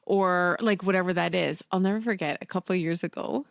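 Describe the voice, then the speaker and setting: A woman's voice: on the low side, a little fast, vocal fry, no room sound, studio quality. A woman hosting a solo podcast, talking candidly, swearing casually and laughing often. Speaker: podcast host.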